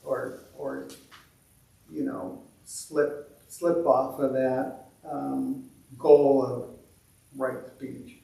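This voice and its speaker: A man leading a meditation group, talking in a halting, self-deprecating way with many restarts. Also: medium pitch, level tone, vocal fry, dark tone. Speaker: meditation leader. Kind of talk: reflective talk to a meditation group. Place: meditation temple hall. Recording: echoey room from a distant mic.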